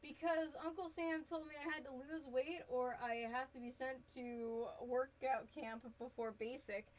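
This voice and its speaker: A woman's voice: high-pitched, fairly even intonation, a little slow, poor audio. A woman chatting casually while she crafts a cosplay on a live stream, rambling, laughing often and answering her chat. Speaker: cosplay livestreamer.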